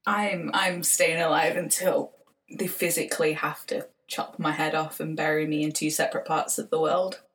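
A woman's voice: low voice, little pitch movement, normal speed, a bit bright. An English woman co-hosting a casual podcast chat, swearing freely, laughing often and dropping into whispers. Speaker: podcast co-host.

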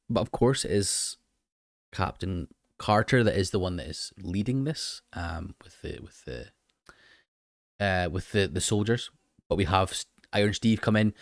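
A man talks through an episode in an easy, chatty recap. His voice sits low, and he sounds eager, with quick laughing asides and plenty of ums. The sound is close and dry, with no room echo.

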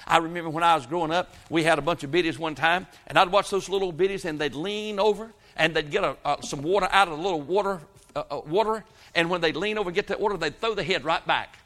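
Bright-voiced preacher man. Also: fairly high pitch, quick pace. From South Georgia, US. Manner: folksy storytelling with frequent amens. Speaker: pastor. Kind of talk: sermon.

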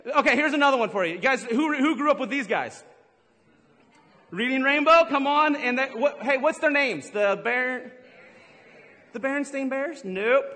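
Male pastor, high voice, jokey and teasing, live sermon in a reverberant hall. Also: big pitch swings, pushed and bright. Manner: playful, teasing the congregation with jokes and quick asides. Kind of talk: humorous sermon. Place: large church hall with a live congregation.

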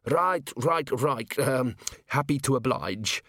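A man's voice: mid-range voice, lively intonation, takes it slowly, fairly bright tone, no room sound, studio quality. A man reading an audiobook, voicing a greedy, blustering male butcher who sounds indignant and grasping. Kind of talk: audiobook character voice.

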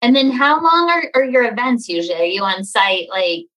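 Bright, playful woman podcast host. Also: on the high side, rough recording. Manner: playful, quick questions, acts out quotes. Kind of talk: casual interview chat.

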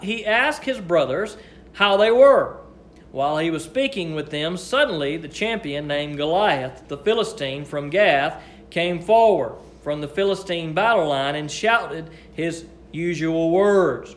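A man leading a Bible study, reading verses and explaining them in a conversational, expressive way. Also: sits high. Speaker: Bible teacher. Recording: echoey room, faint noise.

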